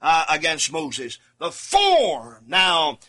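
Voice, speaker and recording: Male preacher, solo studio sermon, high voice, slow deliberate scripture reading, emphatic repeats. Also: huge pitch swings. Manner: emphatic, repeats key words, swings from shouts to low asides. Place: studio, alone.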